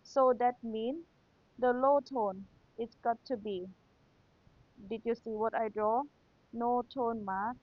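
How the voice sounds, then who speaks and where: A young woman whose first language is Thai, teaching an exam review lesson and patiently repeating key points while checking in with rhetorical questions. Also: on the high side. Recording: tinny phone-like sound, dry.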